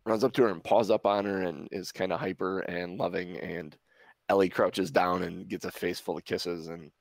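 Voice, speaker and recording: A man running a tabletop game as game master, narrating in a relaxed, halting way with many fillers. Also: low-pitched, gravelly, no room sound.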